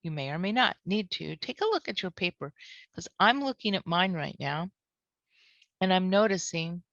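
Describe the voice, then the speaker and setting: A woman trainer leading a guided tapping lesson, calmly repeating short phrases as she walks through the points. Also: lowish voice, no echo. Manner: calm, repeats phrases slowly. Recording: dull lo-fi audio.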